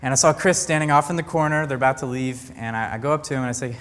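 A young man speaks earnestly to a gathered group, sharing a personal faith testimony. He stumbles and restarts often, searching for words as he goes. His mid-pitched voice carries a long reverb, as if it were filling a large hall. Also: a bit bright, a little hiss or hum. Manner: earnest, halting, with many restarts. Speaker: camp counselor giving a faith talk.

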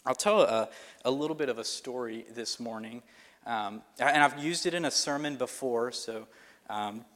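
A pastor telling a personal story in a sermon, in a loose conversational way with fillers and restarts. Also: male voice, medium pitch, moderate pace, fairly bright tone. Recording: long reverb of a hall.

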